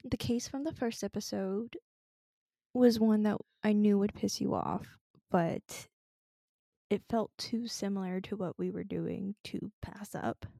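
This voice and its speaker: A woman co-hosting a podcast, talking in a measured, reflective and gently comforting way. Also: medium pitch, fairly even intonation, creaky, dry recording, clean studio sound. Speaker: podcast co-host. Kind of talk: casual chat.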